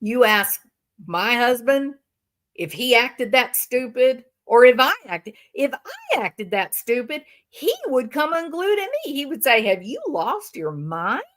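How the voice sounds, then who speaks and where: A woman's voice: high voice, lively intonation, a bit bright. A woman hosting a livestream, giving emphatic, sarcastic reaction commentary. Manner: emphatic and sarcastic, drawn-out phrasing. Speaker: livestream host.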